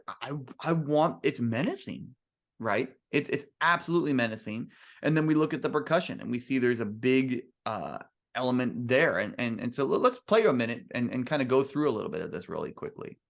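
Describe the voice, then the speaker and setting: A man's voice: mid-range voice, animated, fairly quick, vocal fry. A man who is a composer, giving an earnest, emphatic talk to musicians at a band clinic and restarting his sentences often.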